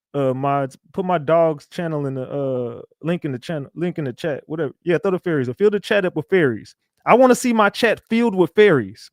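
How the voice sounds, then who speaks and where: A man's voice: sits high, no room sound. Casual livestream host, male, loose slangy banter, dry close mic.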